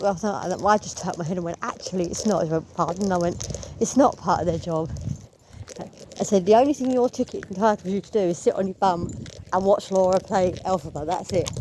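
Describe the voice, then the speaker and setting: A woman's voice: medium pitch, warm tone, slight background noise. A woman telling a rambling, opinionated story as a theatre fan vlogger. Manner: chatty, opinionated, rambling with asides. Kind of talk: casual storytelling vlog.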